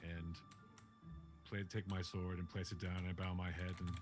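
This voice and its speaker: A man playing a tabletop game, describing his character's actions in a deliberate, earnest way. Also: sits low, flat delivery, over music. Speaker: player. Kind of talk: tabletop role-play.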